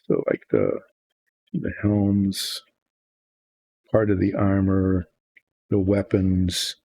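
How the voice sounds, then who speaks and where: Very slow and flat, a low, gravelly yet warm male voice belongs to an older man painting miniatures on video. He chats loosely as he works, wandering through his thoughts and making fun of himself.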